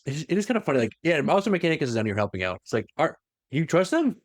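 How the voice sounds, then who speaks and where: A man's voice: fairly high pitch, very animated, very fast, no room sound, clean studio sound. A young man co-hosting a podcast, casually retelling a story and acting out the quoted lines in funny voices. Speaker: podcast co-host.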